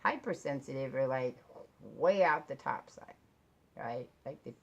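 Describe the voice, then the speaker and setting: A woman's voice: very deep voice, expressive, measured pace, highs cut off. A middle-aged woman chatting to camera in her own vlog, rambling and self-deprecating, laughing often as she talks. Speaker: vlogger. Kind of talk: casual chat to camera.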